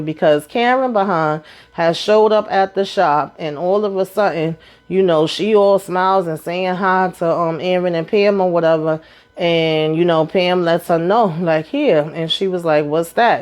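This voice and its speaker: A woman's voice: on the low side, moderate pace. Chatty woman recapping a TV episode. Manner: animated retelling, quoting characters, frequent fillers. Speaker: TV recap host.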